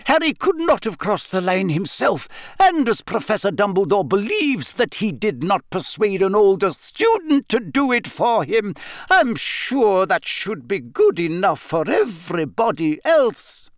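A stern older witch professor, clipped and indignant, as a man puts her on, pitched well above his own voice and pushed louder. The words come out slow and deliberate, every syllable weighted. A dry, close storybook read. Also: big pitch swings, dry recording.

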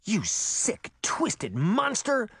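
A man's voice: high voice, very animated, moderate pace, no room sound, studio quality, voice pushed up. A man voicing a fiery, determined young girl who speaks heatedly and indignantly.

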